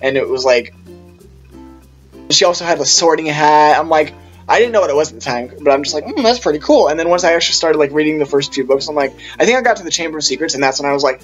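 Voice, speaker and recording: A man's voice: fairly high pitch, fast, lo-fi sound, soft background music. A young man vlogging a casual storytime, rambling through tangents and quoting himself in funny voices.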